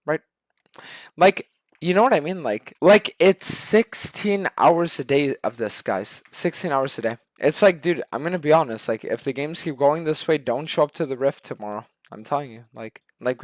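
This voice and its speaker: A young man streaming a game, ranting to his chat in a profane, exasperated way that swings from shouting to muttering. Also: on the high side, no echo.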